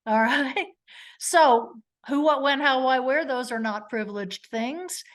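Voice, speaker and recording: A woman's voice: high-pitched, slow. A middle-aged woman lawyer giving a live webinar lecture, telling stories and acting out courtroom exchanges. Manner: storytelling, acts out witness and lawyer exchanges. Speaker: trial lawyer giving a legal education talk.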